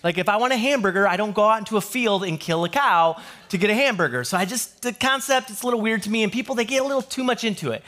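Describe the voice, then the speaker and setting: A man pastor giving a sermon to his church, telling jokey stories with quick asides before reading scripture. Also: high voice, a bit bright. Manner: joking storyteller, quick asides. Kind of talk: humorous sermon.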